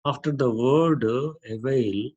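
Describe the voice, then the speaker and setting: A man teaching English, walking through how to read a dictionary entry. He speaks very slowly, repeating phrases and pausing on "uh" as he explains. His voice is mid-pitched with a husky edge. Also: darkish tone, dull audio. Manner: slow, repetitive explaining with frequent "uh" fillers. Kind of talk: classroom-style lesson on using a dictionary.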